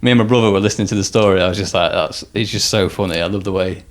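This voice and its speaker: A man hosting a casual podcast chat, easygoing and quick to agree with his guest. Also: low-pitched, steady tone. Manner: easygoing, frequent agreeing interjections. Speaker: podcast host.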